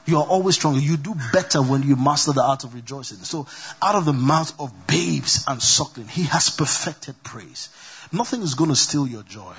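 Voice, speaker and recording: A man's voice: a little high, husky, muffled recording. A man preaching a sermon as pastor, calling on the congregation to repeat after him and repeating each scripture reference.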